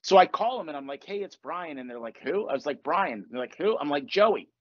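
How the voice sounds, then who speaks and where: Fast-talking man, animated storyteller. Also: on the high side, muffled recording. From Virginia. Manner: animated, laughing, acts out quoted voices. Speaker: podcast host. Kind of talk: casual storytelling chat. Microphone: earphones on a call.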